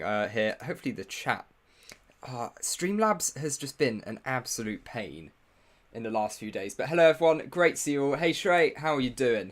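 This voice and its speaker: A man's voice: fairly high pitch, fairly bright tone. A young man hosting a casual live stream, greeting viewers in the chat and making self-mocking asides while he sets up. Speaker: livestream host.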